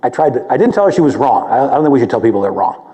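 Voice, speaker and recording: A male theologian speaks in a mellow, warm tone while lecturing in a large hall, and his words trail off into a long echo. His manner is conversational and humble. When excited, he stumbles over repeated words. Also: mid-range voice, very fast. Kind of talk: public lecture, answering a question with a personal story.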